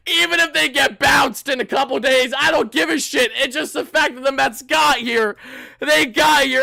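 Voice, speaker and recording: A man with a strikingly high, bright voice and a gravelly edge rants through an exuberant postgame fan livestream. He often breaks into shouts. The sound is close and dry, with faint music underneath. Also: moderate pace, no room sound. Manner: loud, exuberant, repetitive fan ranting. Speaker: sports fan livestream host. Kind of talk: excited postgame livestream commentary.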